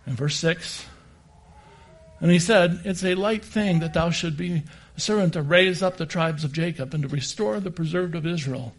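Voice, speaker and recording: A man's voice: fairly high pitch, vocal fry. A man preaching a sermon and reading scripture passages aloud.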